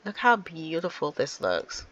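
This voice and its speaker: A woman's voice: sits low, huge pitch swings, a little slow, a bit bright, dull audio. A woman giving casual, chatty gameplay commentary and talking straight to her viewers. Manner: chatty, addresses viewers directly. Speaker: gaming channel host.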